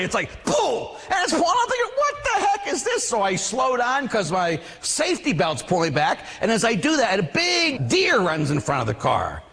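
A man from Pennsylvania preaching a sermon, telling stories with animated energy and rising high when excited. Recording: preaching in a reverberant hall.

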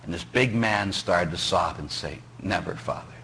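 A priest from Pittsburgh giving a sermon, joking and asking the congregation rhetorical questions. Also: male voice, low-pitched, normal speed, husky. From Pittsburgh, USA. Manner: animated, jokey preaching with rhetorical questions to the congregation. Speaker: parish priest.

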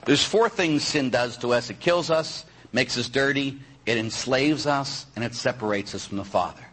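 A man, a priest, preaching a sermon in an animated way, full of rhetorical questions and quick asides. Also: mid-range voice, husky, rough recording. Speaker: Catholic priest.

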